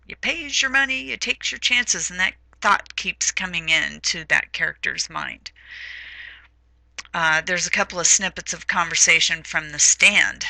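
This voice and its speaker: Slow, gravelly-voiced woman teaching literature. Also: low-pitched, pushed and bright, no room sound, rough recording. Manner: hesitant, many fillers. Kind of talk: recorded lecture.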